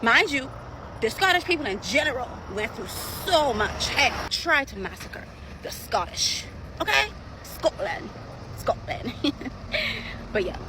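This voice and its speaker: A woman gushes to camera in a high, swooping voice, giggly and lively. Clear background noise sits under her. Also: measured pace, pauses often. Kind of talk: casual chat to camera.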